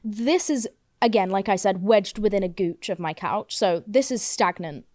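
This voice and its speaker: A woman's voice: mid-range voice, moderate pace, darkish tone, no room sound, clean studio sound. A young woman hosting a casual podcast from home, rambling, swearing a lot and poking fun at herself. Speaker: podcast host. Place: home, seated on couch.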